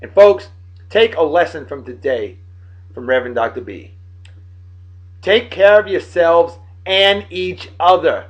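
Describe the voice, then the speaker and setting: Boisterous, animated man hosting a beer vlog. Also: fairly high pitch, unhurried, highs cut off. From Martha's Vineyard, Massachusetts. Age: late 30s. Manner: boisterous, jokey and self-hyping. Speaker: host of a beer-of-the-day show. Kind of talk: casual beer-tasting vlog.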